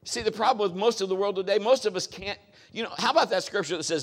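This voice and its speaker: A man's voice: high voice, quick pace. A middle-aged man preaching a sermon as a pastor, talking in a conversational, folksy way with joking asides.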